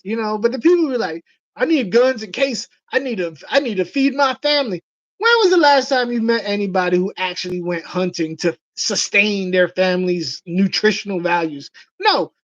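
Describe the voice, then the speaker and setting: A woman hosting a casual livestream chat, telling stories with animated delivery and acting out the voices of people she quotes. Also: medium pitch, dry recording, highs cut off. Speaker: livestream host.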